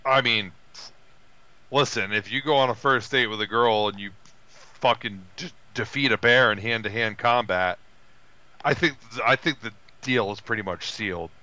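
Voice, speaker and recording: The audio is dull as this man, a podcast co-host, recounts a film at a moderate pace. His casual retelling is animated, with quoted characters delivered in high put-on voices.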